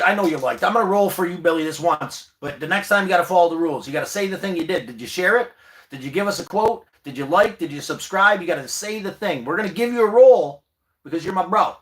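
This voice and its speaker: A man's voice: high-pitched, a bit bright. A man hosting a casual livestream from inside his bus, talking straight to viewers in an encouraging way and swearing casually. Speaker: livestream host.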